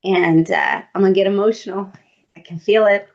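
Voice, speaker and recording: Woman guest telling her story, mid-pitched voice, animated, kinda dull lo-fi sound. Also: normal speed. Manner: animated, acts out what others said. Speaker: podcast guest. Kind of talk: personal storytelling in conversation.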